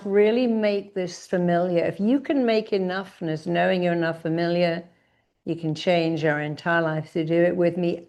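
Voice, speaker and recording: A middle-aged woman leading a guided therapy exercise, directing listeners and calling out affirmations slowly and with force. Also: on the low side, fairly even intonation, a little mellow. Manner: commanding, drawn-out affirmations called out with emphasis.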